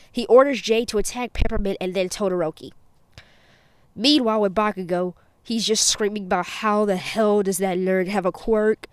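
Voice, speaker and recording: A chatty woman recounts a fan-made story in casual, rambling fashion, stopping now and then to correct herself. Her voice is of middling pitch and recorded dry and close, with no room echo. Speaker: channel host and storyteller.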